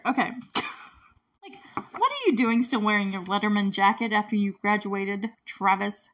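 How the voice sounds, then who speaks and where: A woman's voice: medium pitch, expressive, normal speed, fairly bright tone. A woman casually recapping a movie, chatty and indignant, with lots of "like". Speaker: movie reviewer.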